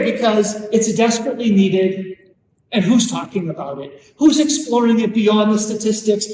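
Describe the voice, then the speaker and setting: A Catholic speaker on parenting, a man with a fairly high and slightly mellow voice, gives an earnest live talk to parents, stressing key points and drawing them out slowly. He's a bit distant from the mic, echoing in a big hall over a faint murmur of room noise.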